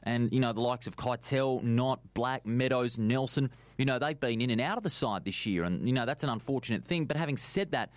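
A man's voice: mid-range voice, no echo. A man giving a radio sports analysis, talking steadily with many fillers. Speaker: sports pundit.

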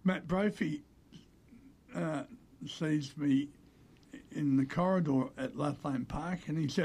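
Older Australian man, husky voice, fairly high pitch, lively storyteller in an interview. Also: slow pace, long pauses. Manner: animated anecdote-telling, acts out quoted voices. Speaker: interview guest, former player agent. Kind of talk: conversational storytelling.

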